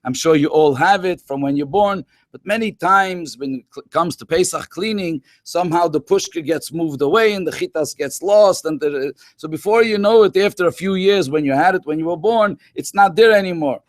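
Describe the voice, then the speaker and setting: Rabbi telling stories to schoolchildren. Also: male voice, a little high, normal speed, hardly any pauses, no room sound, studio quality. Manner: conversational, peppered with Hebrew and Yiddish terms. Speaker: rabbi and educator. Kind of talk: storytelling talk to schoolchildren in a webinar.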